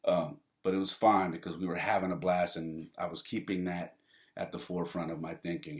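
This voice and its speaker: A man's voice: deep voice, moderate pace. A man hosting his own podcast, telling stories in a laid-back, rambling way, laughing often and saying "man" and "you know". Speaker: podcast host. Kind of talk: casual solo podcast storytelling.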